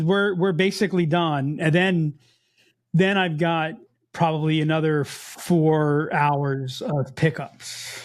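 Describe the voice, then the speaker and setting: An animated American man with a slight Mid-Atlantic accent, chatting casually as a podcast co-host. His voice sits a bit higher than most men's, and he often breaks off and restarts his sentences as he gets going. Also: slow. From United States. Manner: animated, self-interrupting, frequent restarts. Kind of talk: casual chat.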